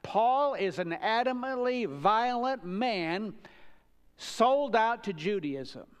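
A man's voice: high-pitched, smooth. A man preaching a sermon, earnest, rising with emphasis on the key questions.

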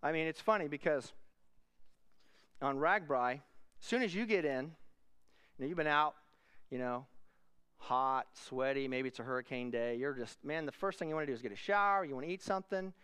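A man preaching a sermon, telling a story with animated delivery and shouted quoted voices. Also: on the high side, moderate pace, pauses often, clean tone.

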